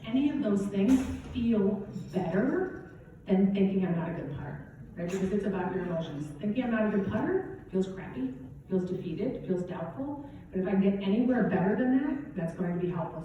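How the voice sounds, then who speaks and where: A woman's voice: medium pitch, expressive, a little fast, warm tone, a little hiss or hum. A middle-aged woman golf coach giving a casual, conversational motivational keynote speech, often asking "right?". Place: event hall at a golf championship. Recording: very echoey hall, distant dull mic.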